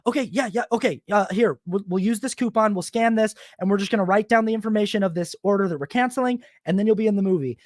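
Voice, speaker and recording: A man voicing a woman cinema manager, rushed and placating as she tries to sort things out. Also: high voice, no echo, clean studio sound, close to an everyday voice. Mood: hurried. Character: hurried woman cinema manager, eager to help.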